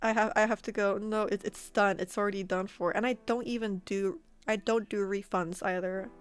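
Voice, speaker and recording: A woman streamer and artist telling a story to her chat in a casual, animated way, laughing often and repeating words. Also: mid-range voice, moderate pace, clean tone, dry recording. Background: faint background music.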